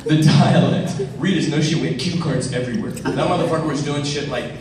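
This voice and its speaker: A man on a convention panel telling profane, animated anecdotes and acting out the lines of the people in them. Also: on the high side, fairly quick. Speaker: panel guest. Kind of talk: storytelling at a fan convention panel. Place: large convention hall. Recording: echoey hall from far off, loud crowd and noise.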